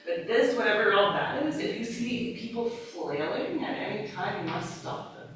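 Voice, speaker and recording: A woman's voice: medium pitch, normal speed. A woman training yoga teachers, talking casually and acting out her cues, with frequent laughs. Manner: casual, lively, acts out cues, laughs often. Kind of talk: live teacher-training class talk. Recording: echoey room, mic far off.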